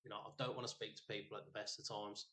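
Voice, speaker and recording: A podcast co-host with a lowish voice talks very fast, retelling a rambling, sweary story in an animated, casual way.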